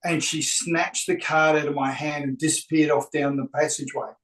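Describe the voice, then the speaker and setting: A man's voice: a little high, fairly even intonation, moderate pace, fairly bright tone, roomy sound, recorded from a distance, poor audio. A man, a real estate agent, tells a story animatedly and acts out both sides of the dialogue. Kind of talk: anecdotal storytelling.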